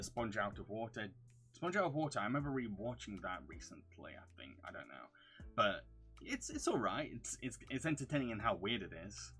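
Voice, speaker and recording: A man with a mixed London and Yorkshire accent, casually answering viewer questions on a livestream. He talks in a crisp, over-enunciated way, reads questions aloud and hums to himself between them. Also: lowish voice, sharp tone. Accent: mixed London and Yorkshire English. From England. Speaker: streamer answering chat.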